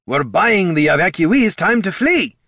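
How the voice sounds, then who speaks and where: A man playing a dutiful army captain who snaps in indignant reproach, pitched up and pushed loud. The voice sounds close and dry, as in a fantasy audiobook. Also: very animated, a little slow, dry recording, full character voice. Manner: snapping, reproachful.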